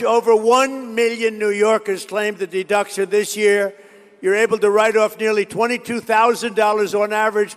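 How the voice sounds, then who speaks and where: A man's voice: high voice, fairly bright tone. A man giving a rambling, boastful political rally speech, repeating himself and drifting into stories. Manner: boastful, repetitive, digressive storytelling. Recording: reverberant hall.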